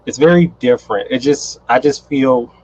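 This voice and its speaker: Husky American man on a lo-fi call. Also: medium pitch, moderate pace, no room sound. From United States. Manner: relaxed, agreeable, laughs a lot. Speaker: English teacher. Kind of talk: casual conversation on a video call. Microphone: video call. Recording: husky voice over a dull, lo-fi call line.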